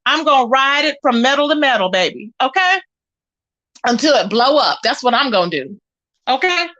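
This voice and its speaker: Woman spilling the tea to her viewers, high pitched, sassy and emphatic. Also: big pitch swings, normal speed, fairly bright tone, muffled recording. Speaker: channel host. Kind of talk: casual gossip commentary.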